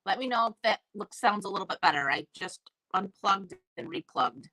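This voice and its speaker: A woman's voice: medium pitch, lively intonation, normal speed, bright, forceful tone, dry recording. A woman with a sore throat and crackly voice, chatting casually as she hosts a live stamping class and greets viewers by name. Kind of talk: live-streamed craft class chat. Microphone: new desk mic.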